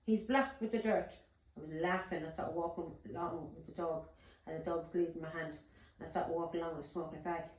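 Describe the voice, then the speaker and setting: A woman tarot reader tells a story to camera in a casual, emphatic way, swearing and constantly checking in with "yeah?" and "do you understand me?". Her voice is low, brisk and fairly flat in pitch. The room is roomy and echoey.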